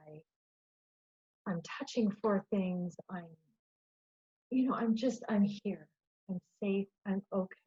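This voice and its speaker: A woman presenting an informal workshop in a conversational, self-deprecating way, voicing her own inner thoughts as she goes. Her voice sits at a middling pitch, and the recording sounds dull and lo-fi. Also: takes it slowly, pauses often, dark tone, husky. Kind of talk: informal educational talk on stress.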